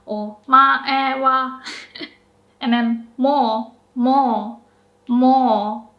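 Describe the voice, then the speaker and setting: Slow, echoey female language teacher. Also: a bit bright. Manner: drills words slowly with exaggerated pitch, laughs often. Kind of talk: friendly pronunciation lesson. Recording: roomy echo.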